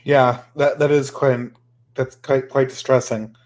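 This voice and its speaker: A man's voice: medium pitch, flat delivery, unhurried, a little mellow. A man speaking as a guest in a casual panel discussion, thinking aloud in a conversational way.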